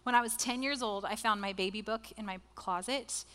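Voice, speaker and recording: Bright-voiced woman pastor preaching in a hall. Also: medium pitch, a little fast, clean tone. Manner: personal storytelling, earnest and emotional. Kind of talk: sermon. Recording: hall reverb with soft music behind.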